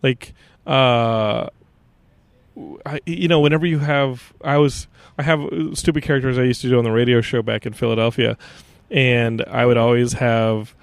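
Gravelly joking man, podcast host. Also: medium pitch, steady tone, normal speed, dry recording. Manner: joking, playful. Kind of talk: casual interview chat.

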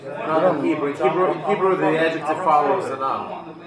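A man's voice: fairly high pitch, a little fast, over a noisy crowd. A man, a student, chiming in with short remarks during a class discussion. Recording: roomy, distant from the mic, noisy class around.

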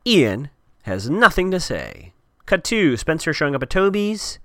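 A man's voice: on the high side, huge pitch swings, measured pace, bright, forceful tone, no echo, clean studio sound. A man giving a chatty, wry recap of a TV episode with sarcastic asides.

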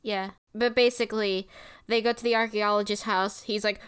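A woman co-hosting a podcast in casual chat, chiming in with quick agreements. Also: mid-range voice, steady tone, fairly bright tone. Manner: chimes in with short agreements and laughs. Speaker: podcast co-host.

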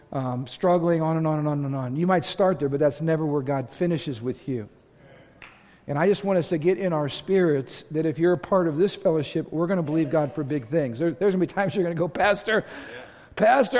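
An impassioned man preaching to his congregation, his voice sitting a little high. He swings between earnest talk and loud exhortation, and a long hall reverb trails behind every line. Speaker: pastor. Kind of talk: sermon. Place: church sanctuary.

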